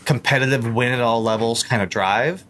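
A man's voice: mid-range voice, normal speed, noisy background. Rambling young man in casual chat. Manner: rambling, many fillers and restarts. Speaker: guest.

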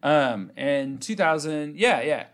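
A man's voice: fairly high pitch, animated, takes it slowly. A man bantering in casual podcast chat, dry and teasing, laughing easily.

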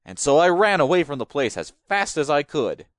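A man's voice: on the high side, sing-song, a little fast, no echo, clean studio sound. A man voicing a terrified male robber who gasps out his tale in a breathless, frantic rush, in an amateur audio drama. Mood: panicked.

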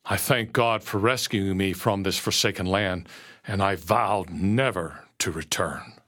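A man narrating a first-person story slowly and earnestly, dropping to a hush at moments. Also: sits low. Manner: slow, earnest storytelling with quiet hushed moments.

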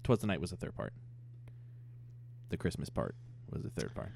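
A young man with a fairly low voice chats casually as a podcast co-host. He talks in a loose, relaxed way, full of small fillers. He is reviewing a cartoon episode. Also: moderate pace, vocal fry, a little hiss or hum. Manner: laid-back, frequent "um" and "yeah", laughs at jokes. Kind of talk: casual chat.

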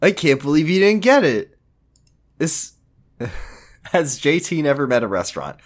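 A man's voice: a little high, big pitch swings, measured pace. A man co-hosting a podcast, chatting casually and animatedly, laughing and quoting characters in mock voices. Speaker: podcast co-host. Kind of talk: casual recap chat.

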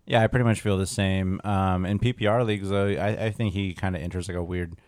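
Man, very deep voice, loose rambling casual chat, podcast co-host, dry sound. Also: steady tone, a little fast, a little mellow, clear, resonant tone, no room sound. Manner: loose and rambling, full of fillers and restarts. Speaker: fantasy football podcast co-host.

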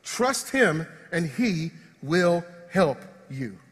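A man preaching a sermon as pastor, swinging between loud praise and hushed, quiet asides. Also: fairly high pitch, very animated, extremely slow, breathy edge. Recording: long hall reverb.

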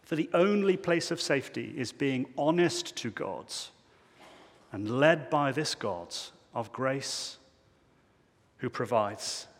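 A male pastor preaching a sermon in a church, emphatic, swinging between loud declarations and hushed low phrases. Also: expressive, slow, long reverb tail.

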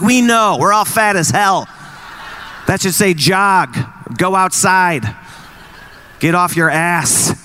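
A married man in his forties doing stand-up comedy, teasing the crowd and acting out quick exchanges in wry bits. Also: high voice, sharp tone, a little hiss or hum. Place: live venue with an audience.

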